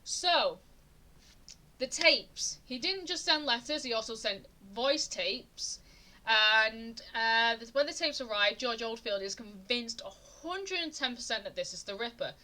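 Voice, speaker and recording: Bright-voiced young woman streamer, chatty. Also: on the high side, lively intonation, unhurried. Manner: chatty, indignant, with frequent restarts and rising emphasis. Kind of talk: casual true-crime storytelling on a live stream.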